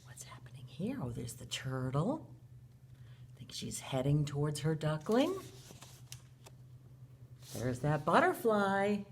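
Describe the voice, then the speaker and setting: A woman teacher reads a picture book aloud to small children, her voice leaping up and down in pitch. She speaks slowly and deliberately, gasping and posing questions to her young listeners. A faint hum sits underneath. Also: very animated.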